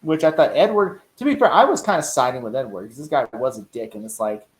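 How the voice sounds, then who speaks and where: A man's voice: mid-range voice, expressive, quick pace. A man co-hosting a TV recap podcast, rambling in casual chat with lots of "you know" and "like.". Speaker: podcast co-host. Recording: roomy echo.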